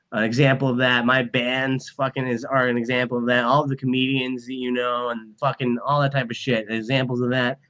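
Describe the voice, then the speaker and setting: A man's voice: medium pitch, bright, forceful tone, low-quality recording. A man who is a band and comedy manager, talking bluntly and profanely as a guest in a casual podcast interview, full of motivational rambling.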